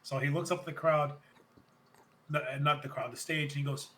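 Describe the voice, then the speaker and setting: Male podcast co-host, slightly high, bright tone, animated casual recaps with lots of laughter. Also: rough recording. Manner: animated, quotes people in quick bursts, laughs often. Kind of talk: casual chat recapping wrestling.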